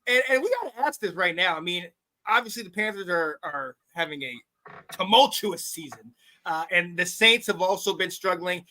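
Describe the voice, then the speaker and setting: A man's voice: high voice, expressive, moderate pace, sharp tone. A man guest-hosting a casual sports talk show, upbeat and slangy, with frequent laughter. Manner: hype, slangy, laughs often. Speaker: guest host.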